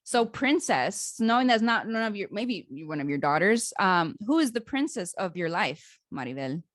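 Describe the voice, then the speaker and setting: A woman hosting a podcast interview in a casual, chatty way, enthusiastic and animated, laughing easily. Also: medium pitch, moderate pace, no echo, clean studio sound. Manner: self-described dramatic storyteller. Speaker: podcast host.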